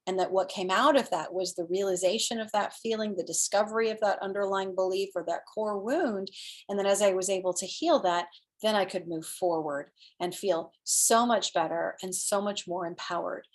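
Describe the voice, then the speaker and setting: A woman hosting a live self-help show, talking casually as an inner-work coach in an earnest, animated way, laughing often and acting out her inner voices. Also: mid-range voice, moderate pace.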